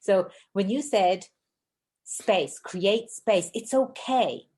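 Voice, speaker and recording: A woman hosting a podcast interview, talking fast and effusively in a casual chat. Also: mid-range voice, warm tone. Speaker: podcast host.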